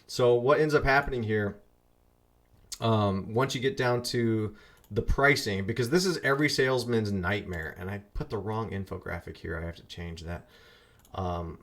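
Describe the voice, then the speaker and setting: A man teaching an online marketing course in a chatty, loose way, repeating phrases for emphasis and muttering asides as he fixes his slides. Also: lowish voice. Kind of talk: casual screen-share lesson.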